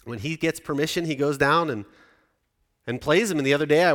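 A man's voice: fairly high pitch, a little fast, fairly bright tone. A man in his forties preaching a sermon in a conversational way, often putting questions to the congregation. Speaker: pastor. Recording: reverberant church hall.

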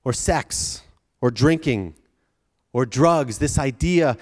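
A man's voice: medium pitch, slow. Man preaching in a reverberant hall. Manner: conversational, frequent tag questions. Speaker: pastor. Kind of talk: sermon to students.

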